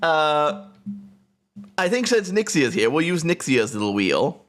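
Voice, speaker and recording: Very animated and a bit bright, his voice sits on the high side and moves a little slowly. He's live streaming a game from his home room on a close desk mic, chatting playfully in a giggly way and laughing often.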